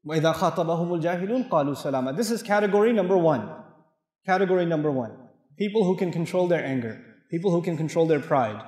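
A man with a high voice delivers a quick, animated sermon, throwing rhetorical questions and reciting Arabic verses. His voice rings through a roomy hall with a long reverb tail. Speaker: Islamic lecturer.

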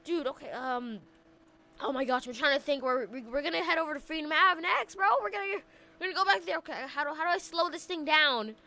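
A woman hosting a gaming channel, chatting casually and excitably through a roleplay, stammering and slangy when alarmed. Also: sits high, a little fast. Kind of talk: casual roleplay commentary over gameplay.

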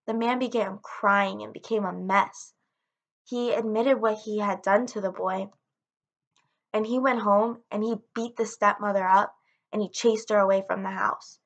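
A woman narrating a folktale in a steady, plain storytelling manner. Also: mid-range voice, a little slow, vocal fry, dull audio.

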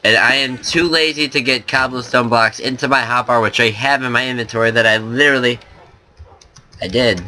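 A young man hosting a gaming channel, rambling and joking excitably in casual gameplay commentary. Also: mid-range voice, brisk.

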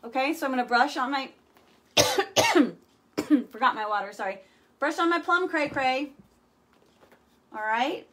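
Woman, high voice, casual painting livestream, chatty, playful made-up words, keeps asking okay. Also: expressive, unhurried, long pauses, sharp tone. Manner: chatty, often checks in with "okay?". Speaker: furniture painting instructor. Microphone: phone or camera livestream.

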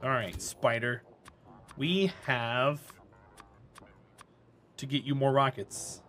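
Bright-voiced Southern man streaming a game. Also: mid-range voice, slow, faint music behind. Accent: Southern US, North Carolina. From North Carolina. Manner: playful and teasing, chatting with viewers while playing. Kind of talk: live-streamed gameplay chat.

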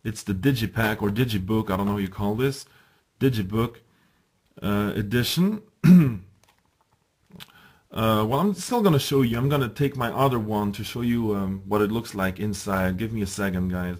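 Guy with a lowish voice doing an excited unboxing review, lots of ums while he fiddles with the box. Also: moderate pace. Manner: enthusiastic, chatty, often addresses viewers as guys; hesitant, with ums and restarts while handling items. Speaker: video reviewer.

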